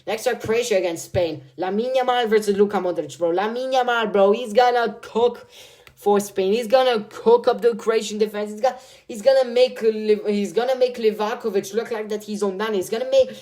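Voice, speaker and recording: This is a young man chatting through his football predictions. His delivery is loose and slangy, with lots of filler, repeated words and restarts as he thinks out loud. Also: high voice. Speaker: football video creator. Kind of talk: casual prediction commentary.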